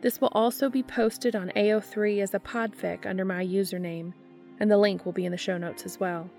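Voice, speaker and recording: A woman reading fan fiction aloud as a podcast narrator, with a steady storytelling delivery. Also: medium pitch, brisk, gravelly, faint music behind.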